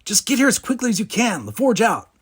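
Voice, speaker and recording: A man plays a nervous young cadet in a storybook reading. The voice is husky and climbs high and loud when he is worried. His pitch swings in a lively way. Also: brisk, heavily acted. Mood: urgent. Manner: raising pitch and volume for excited lines. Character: young male cadet Geordi, earnest and anxious.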